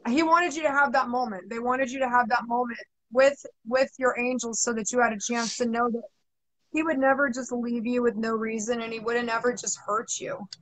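High-voiced woman giving a psychic reading. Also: fairly even intonation, normal speed, fairly bright tone, poor audio. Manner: repetitive, soothing, chatty. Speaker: psychic medium. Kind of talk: live spirit reading.

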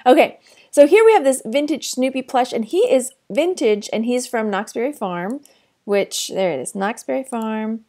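A woman's voice: fairly high pitch, expressive, normal speed. A middle-aged woman from Texas giving a casual weekly sales update as an online reseller, chatty with frequent fillers. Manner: chatty, warm storytelling with frequent fillers and laughs.

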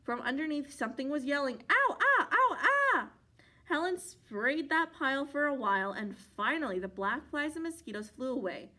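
High-voiced, bright woman reading aloud. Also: normal speed, hardly any pauses. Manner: expressive, animated storytelling with playful sound effects. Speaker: library storyteller. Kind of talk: reading a picture book aloud.

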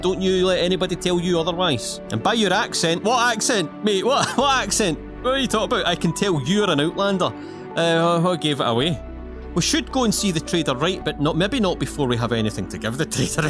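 A gaming YouTuber with a high voice talks fairly quickly, giving cheeky, rambling, in-character commentary as he plays, with game music in the background.

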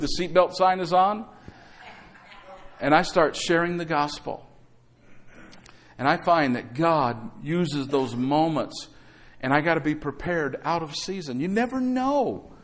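A middle-aged man preaching a sermon as pastor, exhorting the congregation to say amen and throwing in conversational asides and rhetorical questions. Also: a little high.

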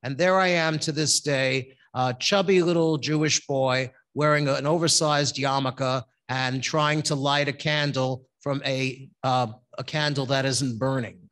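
A man's voice: mid-range voice, fairly even intonation, a little slow, few pauses, fairly bright tone. A man, a rabbi, giving a folksy, joking holiday sermon in a synagogue and asking the congregation questions. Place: synagogue sanctuary.

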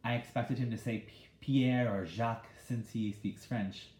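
A man's voice: medium pitch, steady tone, a little slow, darkish tone, lightly acted. A man voicing a cheerful, doting older grandmother. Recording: echoey room.

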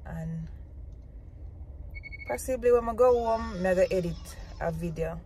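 Slow-talking woman vlogging. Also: on the low side, warm tone, slight background noise. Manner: chatty, coos at her small child. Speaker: family vlogger. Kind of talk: casual vlog chat to camera.

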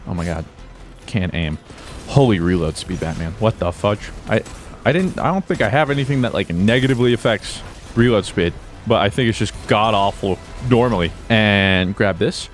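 A young man from America talks over his gameplay in a playful, jokey way, dropping to quiet muttering before bursting into loud whoops and sound effects. His pitch swings widely, and faint music plays under his voice. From United States. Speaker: gaming video creator. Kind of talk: casual gameplay commentary.

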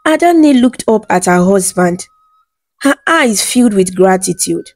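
A woman narrating a bedtime folktale in a smooth, even storytelling read. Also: mid-range voice, measured pace, no room sound, soft background music.

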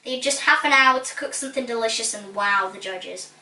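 A woman reading a children's book aloud in a lively, playful way, recorded with a roomy echo from a distance. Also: a little high, fairly quick. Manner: lively, playful, relishing funny words. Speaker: storybook reader.

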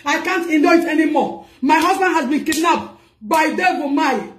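A woman's voice: high-pitched, fast, reverberant, a little hiss or hum. A woman with a Nigerian accent making a distressed public appeal, pleading frantically and repeating cries for help. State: distressed and crying out.

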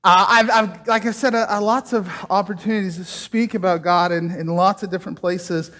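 A man's voice: high-pitched, steady tone, moderate pace, fairly bright tone. A man preaching a casual sermon, chatting and joking with the congregation while doing a trick.

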